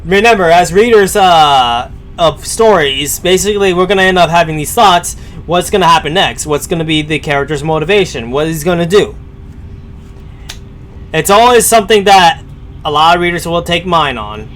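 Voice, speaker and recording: A man's voice: a little high, expressive, moderate pace, a bit bright, a little hiss or hum. A man giving casual live-stream commentary as he reacts to a story, rambling and hesitant with many fillers.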